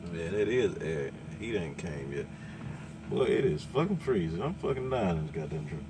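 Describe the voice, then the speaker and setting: A man's voice: low voice, very animated, moderate pace, noisy background. Profane trucker venting in his cab. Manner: loud, cursing, repetitive, laughing. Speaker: truck driver vlogger. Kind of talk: profane casual rant.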